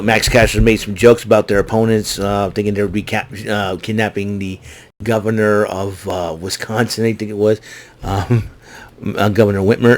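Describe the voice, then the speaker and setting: A man recapping a wrestling show in casual unscripted talk, halting often with fillers and restarts, speaking as an enthusiastic fan. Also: on the low side.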